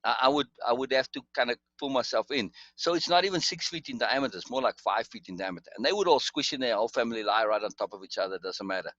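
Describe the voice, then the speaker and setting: A man's voice: mid-range voice, expressive, fast talker, few pauses, fairly bright tone, no room sound, dull audio. A man telling a long personal story in casual conversation, rambling with restarts and asides. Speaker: guest storyteller.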